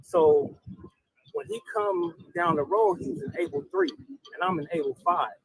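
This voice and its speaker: Raspy gravelly guy rambling thru a jail story, voice jumps high and low all over. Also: moderate pace, dry recording, rough recording. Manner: rambling, animated retelling with quoted dialogue. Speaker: guest telling a jail story. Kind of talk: casual storytelling interview.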